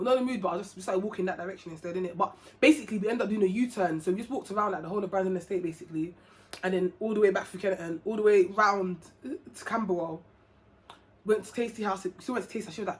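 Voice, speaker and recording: A young woman from England, telling a personal story to camera in a casual, chatty vlog, acting out the dialogue. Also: medium pitch. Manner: chatty, animated, acts out quoted dialogue. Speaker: vlogger.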